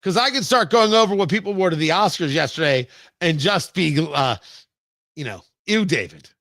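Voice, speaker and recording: High, bright-voiced talk host. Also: male voice, a little fast, no room sound, studio quality. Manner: emphatic, sarcastic, digressive. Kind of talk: opinionated political commentary.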